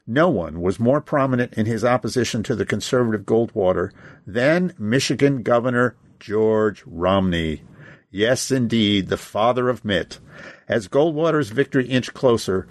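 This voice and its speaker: A man with a somewhat low voice reads scripted political commentary into a studio microphone. He leans on key words and repeats them for emphasis. The sound is dry and close, with no room around it. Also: dry recording.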